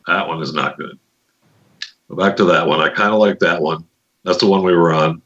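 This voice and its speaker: A man's voice: deep voice, steady tone, normal speed, fairly bright tone, lo-fi sound. A man hosting a podcast in casual, jokey, rambling chat, testing his microphone on air. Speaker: podcast host. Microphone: studio podcast microphone with adjustable settings.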